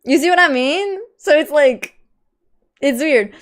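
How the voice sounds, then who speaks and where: A woman's voice: sits high, animated, unhurried, a bit bright. A young woman from Lisbon with a light Portuguese accent, a streamer chatting casually with her viewers. She laughs often and swears casually. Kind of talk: casual live-stream chat.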